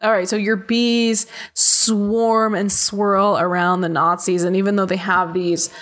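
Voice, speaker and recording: A woman narrating a tabletop game as game master, unhurried and playful, often laughing between descriptions. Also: medium pitch, flat delivery, a bit bright, soft background music.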